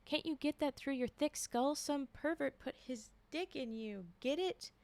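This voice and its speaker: A woman reading aloud and voicing a furious, terrified young woman who shouts insults. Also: high voice, unhurried, no echo. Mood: taunting.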